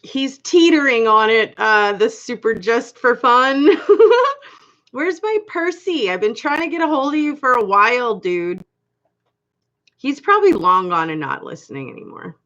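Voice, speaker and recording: Chatty woman with a lively high voice. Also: unhurried. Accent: slight accent. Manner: chatty, laughs often, talks to viewers by name. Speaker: livestream host. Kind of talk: casual live chat reading comments. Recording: dull lo-fi livestream audio.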